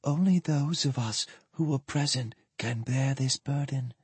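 A husky-voiced man putting on a tired but sharp-tongued woman, pitched higher and softer than a narrator's own voice, with a changed, lighter timbre. She speaks crisply and clips her words, steady in manner through her weariness, recorded close and dry. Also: measured pace, no echo. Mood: grave. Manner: crisp and clipped. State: weary. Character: weary, stern, sharp-tongued woman traveler.

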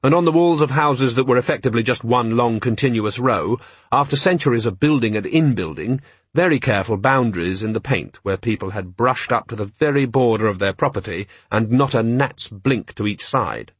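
A man narrating an audiobook in a measured, wry storytelling manner. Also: medium pitch, breathy edge, no room sound. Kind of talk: scripted narration.

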